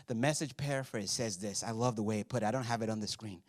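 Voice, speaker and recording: A man preaching a sermon in an animated storytelling way, acting out voices and laughing often. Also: mid-range voice, fast, hardly any pauses, dry recording, clean studio sound. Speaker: pastor. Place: church gathering.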